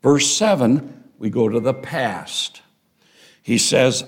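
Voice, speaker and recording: Slow, gravelly older male preacher. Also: medium pitch, lively intonation. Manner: deliberate, emphatic preaching with rising stresses. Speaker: pastor. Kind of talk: expository sermon.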